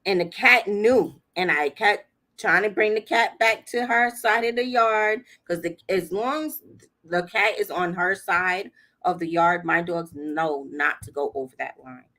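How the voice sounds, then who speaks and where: Lady on a livestream chatting and telling stories, laughing, voicing the quotes, kinda low pitch. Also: unhurried, sharp tone. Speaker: livestream host. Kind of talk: casual storytelling chat.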